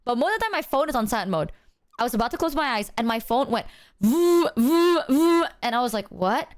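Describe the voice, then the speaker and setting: Animated swearing streamer woman. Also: a little high, fast, no room sound. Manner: animated, swearing, acts out quoted voices. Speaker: livestreamer. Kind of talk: casual storytelling to chat.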